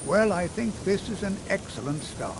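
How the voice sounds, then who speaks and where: A kindly old wizard teacher. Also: male voice, high-pitched, big pitch swings, moderate pace, background noise. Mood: lecturing. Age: older. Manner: gentle, fussy, lecturing. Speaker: magic instructor. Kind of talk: video game voice acting.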